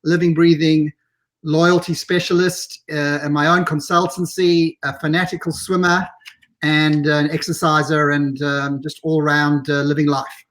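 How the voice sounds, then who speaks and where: A man's voice: a little high, little pitch movement, a little slow, fairly bright tone. A man in his fifties from South Africa, chatting casually as a guest on a live video call. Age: 50s. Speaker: podcast guest.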